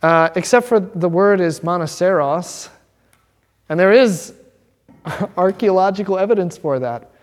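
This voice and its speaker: High-voiced, animated male pastor teaching. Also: a little slow. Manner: animated, joking, acts out quoted voices. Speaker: pastor teaching a Bible class. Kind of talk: informal Bible class teaching.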